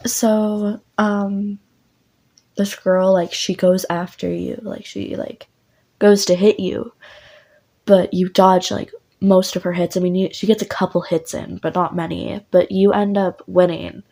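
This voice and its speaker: A woman's voice: medium pitch, flat delivery, measured pace, gravelly, warm tone. A woman narrating a story in a casual, rambling way, full of fillers. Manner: rambling, lots of "like". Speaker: voice actor narrating.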